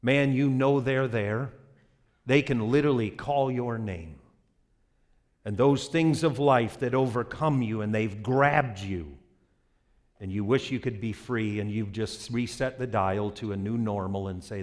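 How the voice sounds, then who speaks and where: A man pastor giving an impassioned, animated sermon with vivid storytelling. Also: mid-range voice, a little slow.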